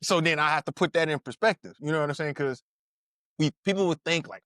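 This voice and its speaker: A man's voice: a little high, fast talker, fairly bright tone, no room sound, studio quality. A man in his thirties, a podcast co-host, telling stories in casual chat with slang, laughter and frequent restarts.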